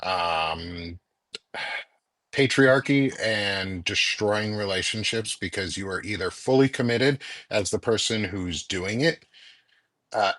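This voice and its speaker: Blunt low-voiced middle-aged man. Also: fairly bright tone. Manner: blunt and profane, self-introducing. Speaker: guest. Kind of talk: casual panel chat.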